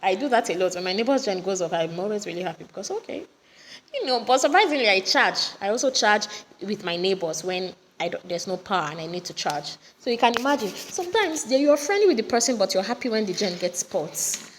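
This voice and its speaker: With a medium pitch and brisk delivery, this woman uses her Nigerian accent to explain a poem casually and energetically, often quizzing her students. She records from home as generators run close by, and the audio is reverberant with faint generator noise.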